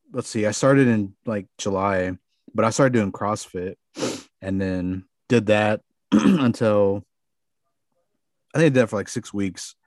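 A man with a fairly low voice tells a long story in casual talk, stringing it together with fillers and loose cursing. The sound is dry and close, with no room around it. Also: dry recording. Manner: rambling, filler-heavy with frequent swearing. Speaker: podcast guest.

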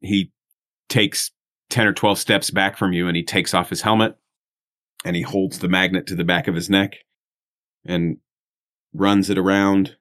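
A man in his forties with a low voice plays a tabletop game. He sounds eager and playful, firing off questions. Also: level tone, a little slow, long pauses, fairly bright tone. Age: 40s. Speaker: player.

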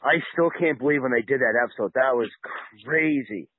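A man's voice: medium pitch, brisk, breathy edge, no echo. A man with a Canadian accent, co-hosting a podcast and talking emphatically in a casual chat. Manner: emphatic, conversational. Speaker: podcast co-host. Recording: tinny phone-like line.

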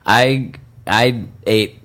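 A man chatting casually on a podcast, reacting quickly and restarting his sentences as he talks. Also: mid-range voice, a bit bright. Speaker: podcast co-host. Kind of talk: casual chat.

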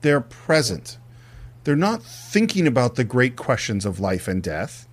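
A man's voice: mid-range voice, sing-song, unhurried, slightly rough. A man co-hosting a film podcast, retelling scenes and acting out bits of dialogue in casual discussion.

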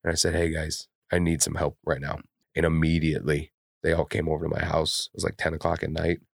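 A man's voice: a bass voice, little pitch movement, fast talker, vocal fry, no room sound, studio quality. A man co-hosting a podcast, talking candidly in casual chat with blunt, heavily profane, openly emotional speech. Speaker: podcast co-host.

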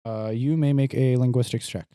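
A man's voice: medium pitch, fairly even intonation, moderate pace, warm tone, smooth, no room sound. A man running a tabletop game as game master, calling for dice rolls and narrating with dry asides.

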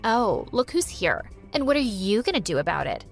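A woman's voice: medium pitch, sing-song, normal speed, creaky, faint music behind. A woman voicing a condescending teenage schoolgirl bully who taunts a new classmate. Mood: taunting. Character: mocking queen-bee schoolgirl bully.

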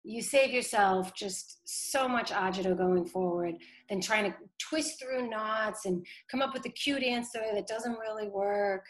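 A woman from Boston, a communications director, talking casually in an interview with lots of "like" and "you know". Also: medium pitch. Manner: chatty, many "like" and "you know" fillers, quick laughs. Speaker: city council communications director.

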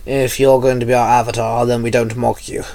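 A man's voice: medium pitch, flat delivery, a little fast, darkish tone, lightly acted. Haughty falcon-headed sun god, read by a man. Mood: lofty. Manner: lofty, condescending.

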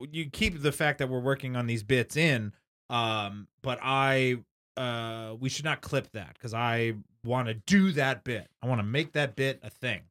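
A man's voice: mid-range voice, unhurried, fairly bright tone. A man co-hosting a comedy podcast, chatting casually and rambling, prone to fits of giggling. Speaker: podcast co-host.

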